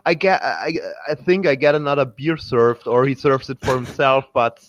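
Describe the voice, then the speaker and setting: A man from Germany with a German accent, chatting casually on a podcast, talking haltingly with frequent restarts. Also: medium pitch, dull audio, slight background noise. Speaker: podcast co-host. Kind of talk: casual chat.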